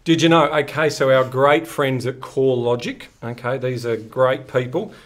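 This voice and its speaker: A man's voice: mid-range voice, normal speed. An Australian man co-hosting a finance podcast, joking and ribbing his partner in casual chat. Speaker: podcast co-host.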